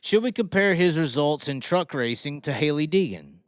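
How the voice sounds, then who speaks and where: A man's voice: fairly high pitch, expressive, normal speed, no room sound, clean studio sound. A man hosting a racing livestream, arguing his point with strings of rhetorical questions and repeated words. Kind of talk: casual livestream commentary.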